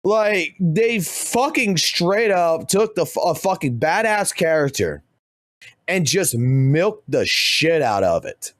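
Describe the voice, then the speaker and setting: A man's voice: fairly high pitch, sing-song, slow pace, fairly bright tone, no room sound. A man who streams games, ranting heatedly and swearing constantly. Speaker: game streamer. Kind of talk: profane gaming rant.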